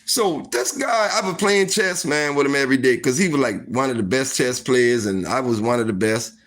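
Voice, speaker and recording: A man telling a story in a casual monologue, profane and animated, full of fillers like "like" and "you know.". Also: medium pitch, brisk. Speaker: storytime vlogger.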